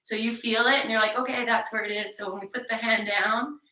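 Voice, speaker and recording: A woman leads a yoga class with gentle, encouraging cues, stopping to demonstrate forceful breathing exercises. Her voice is bright and clear. She is recorded from some distance in an echoey room. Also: on the high side, steady tone, a little fast. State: sweating from exertion. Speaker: yoga teacher. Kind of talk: guided yoga class instruction. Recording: roomy echo, voice heard from a distance.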